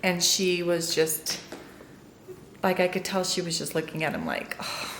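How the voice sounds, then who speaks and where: A woman's voice: lowish voice, sing-song, a little slow, a bit bright. A middle-aged woman telling a rambling story to camera in a casual vlog, with many fillers. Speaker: family vlogger. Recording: roomy sound with faint noise.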